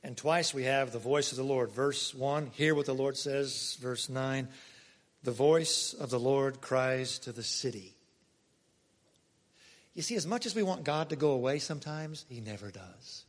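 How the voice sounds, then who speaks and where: A pastor delivering a conversational sermon, swinging between loud emphasis and soft, quiet asides. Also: male voice, mid-range voice, a little slow. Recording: long hall reverb.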